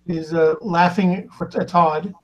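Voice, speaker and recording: High-voiced man reading stream chat. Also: little pitch movement, unhurried, crowd noise, rough recording. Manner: reads viewer comments aloud, chuckling, stumbling over names. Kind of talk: casual live stream chat.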